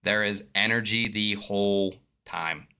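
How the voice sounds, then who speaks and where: A man's voice: on the low side, fairly even intonation, unhurried, pushed and bright. A man commentating for a gaming league, interviewing a player over voice chat in a friendly, chatty way. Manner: friendly, laughs easily, chatty. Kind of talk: casual post-game interview on stream. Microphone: voice chat mic.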